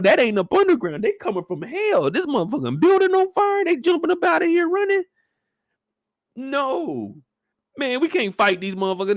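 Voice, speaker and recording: A young man giving live episode commentary with a high voice that swings widely up and down. He talks in a loose, profane, joking way and bursts into acted-out lines. The sound is dry and close, with no room around it. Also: no room sound. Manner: animated, profane, comic riffing; acts out scenes in shouted bursts. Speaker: streamer reviewing a TV episode.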